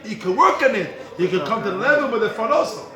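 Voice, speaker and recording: A man teaches a Torah class at a yeshiva in a study hall full of students, repeating his points emphatically and calling out to students by name. His voice is high-pitched and fast with lively intonation. The hall is echoey, and a crowd of students can be heard.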